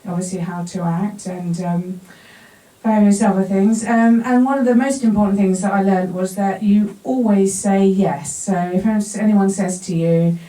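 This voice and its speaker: A woman's voice: mid-range voice, fairly even intonation, moderate pace, warm tone. A woman, an actor telling a humorous personal story to a live audience, laughing often at herself. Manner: self-deprecating, laughs often at her own story. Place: bar event space before an audience. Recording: roomy sound from a distant mic.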